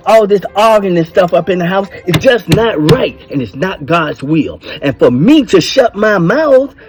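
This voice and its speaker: A man's voice: sits high, a little mellow, slightly rough. An older man, talking bluntly and preachily about marriage, swearing freely and stressing his points. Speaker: speaker giving advice to men. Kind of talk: casual monologue.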